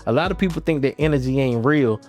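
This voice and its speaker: A man's voice: medium pitch, fast talker, a little mellow. A man hosting his own channel, talking casually to camera in a rambling, slangy way with frequent restarts. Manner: rambling, restarts often, loose slangy talk. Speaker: channel host. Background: faint guitar music.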